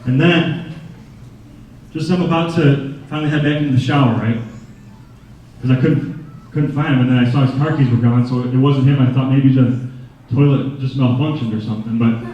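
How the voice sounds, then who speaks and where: A man giving a lively storytelling talk to children at a school assembly, breaking into high sung imitations. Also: normal speed, pauses often, lo-fi sound, slight background noise. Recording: echoey hall from far off.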